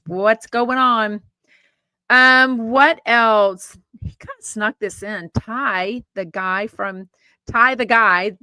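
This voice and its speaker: A woman's voice: fairly high pitch, bright, forceful tone, no echo. A woman from Texas hosting a podcast, chatting casually and reading out comments in a rambling way with fillers and restarts. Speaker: podcast host. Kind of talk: casual live-stream chat, reading comments.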